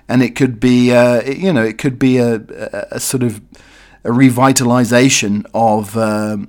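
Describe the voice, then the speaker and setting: A man's voice: mid-range voice, a little mellow. A man with a cold hosting a podcast, reading odd news stories and drifting into rambling asides full of fillers. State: has a cold. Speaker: podcast host.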